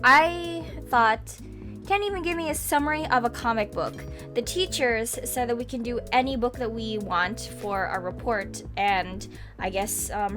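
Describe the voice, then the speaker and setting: A young adult woman vlogger tells a story in a mid-range voice, casual vlog style, into a webcam microphone. She's chatty and animated, laughing and sighing frequently.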